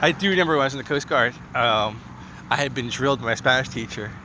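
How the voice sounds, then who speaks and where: A man's voice: medium pitch, fast, noisy background. A middle-aged man from Maine hosting a podcast in casual chat, laughing often at his own jokes. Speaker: podcast host.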